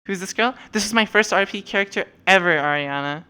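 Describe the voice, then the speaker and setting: A woman's voice: mid-range voice, a little fast, sharp tone, smooth. A young woman streamer chatting casually and rambling with lots of fillers and swearing while showing off avatars.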